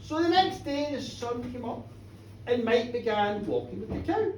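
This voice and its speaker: A woman tells a folk tale live in a pub, dramatic and playful with a high, swooping voice. She is recorded from afar in a reverberant room with faint ambience behind her. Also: animated, normal speed, darkish tone, distant mic, slight background noise. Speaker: storyteller. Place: pub, indoors.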